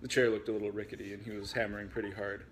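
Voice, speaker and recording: Man, low voice, relaxed, casual book reading, chatty asides. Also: very fast, a little hiss or hum. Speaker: host reading his book aloud.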